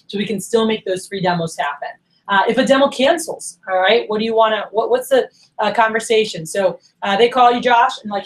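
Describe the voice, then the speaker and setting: Casting: brisk woman sales trainer, rapid-fire delivery, upbeat coaching, plays out quick calls with reps. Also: mid-range voice, rough recording. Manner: energetic, coaching, acts out phone calls. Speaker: sales manager coaching new managers. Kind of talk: training workshop talk.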